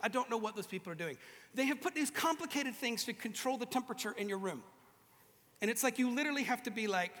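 High-voiced man preaching in a hall. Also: brisk. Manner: animated, joking, acts out quoted voices. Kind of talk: humorous sermon to a live audience. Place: large hall with an audience.

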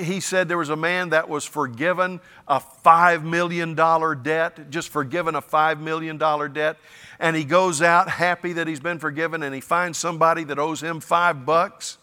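A man's voice: on the high side, bright, forceful tone, in a large hall. A man preaching a sermon as pastor, earnest and conversational.

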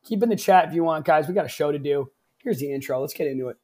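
A man co-hosts a podcast streamed live from home, joking around and ribbing his partner in loose slang. His voice sits a touch on the high side. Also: fast talker, noisy background. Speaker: podcast co-host. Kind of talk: casual live-stream banter. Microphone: streaming from home on camera.

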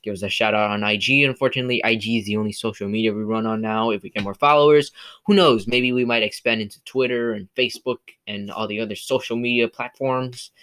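A man's voice: on the low side, fairly even intonation, fast talker, a bit bright. Rambling male podcast host. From California. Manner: rambling, many fillers and restarts. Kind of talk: casual solo movie review podcast.

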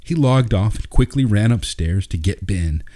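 Brief: calm male narrator for a storybook, deep and mellow. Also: moderate pace. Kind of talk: storybook reading.

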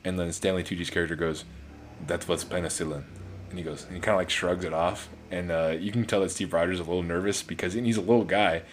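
A man's voice: low voice, fairly even intonation, fast talker, few pauses, a little hiss or hum. A man giving a casual, rambling movie review on his channel, full of fillers and restarts.

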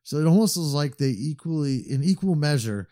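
Lively, mellow-voiced male podcast co-host. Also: fairly high pitch, fairly quick. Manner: animated, laughs easily, slips into silly voices. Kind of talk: casual chat.

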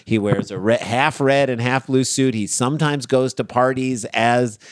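A man co-hosting a comedy podcast who jumps in with fast jokey asides and tangents. His pitch is average for a man, and the sound is close and dry with no room echo. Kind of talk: casual comedic banter.

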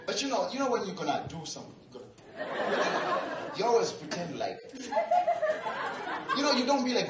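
A young stand-up comedian from Tanzania tells his story with a high, swooping voice, laughing and acting out each line. He is heard from a distance in a big echoey venue. A loud audience and heavy noise sit behind him. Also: normal speed, long pauses, a loud crowd. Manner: animated, acts out quotes, laughs often. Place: large venue with live audience.

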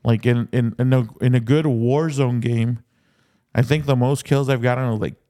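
A man co-hosting a podcast, telling an amused story in lively casual chat. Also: medium pitch, normal speed. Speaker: podcast co-host.

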